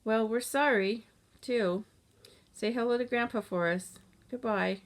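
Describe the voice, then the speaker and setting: A woman's voice: on the high side, a little slow, pitched above the performer's own voice. Bossy teen girl, curt and dismissive, read aloud in a storybook by a woman reader. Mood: polite phone. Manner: curt, scornful.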